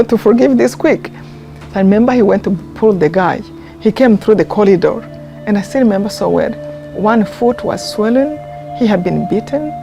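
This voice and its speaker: A woman, telling a personal story in a documentary interview, earnest and heartfelt, often pausing and restarting. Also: mid-range voice, dark tone. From Rwanda. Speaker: interviewee, genocide survivor.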